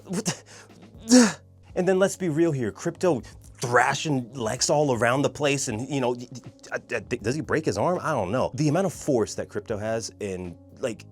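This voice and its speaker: Animated, exasperated man ranting about a film. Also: mid-range voice. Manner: exasperated, animated, swears, acts out scenes. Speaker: movie reviewer. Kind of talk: casual ranting film review.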